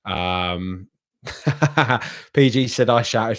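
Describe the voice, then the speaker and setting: A young man hosting a live football reaction stream and reading out viewer comments in a chatty, animated way, often repeating himself. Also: on the low side, slow. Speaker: football podcast host.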